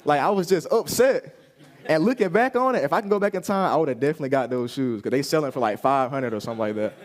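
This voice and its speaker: A man's voice: fairly high pitch, fast. A young man giving a personal testimony at a youth service, telling his story casually and acting out what people said.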